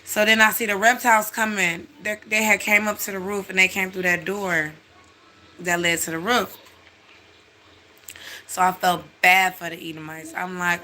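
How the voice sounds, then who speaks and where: Casual storyteller, blunt and animated, swears a lot, bright voice, faint hum behind. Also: medium pitch, normal speed.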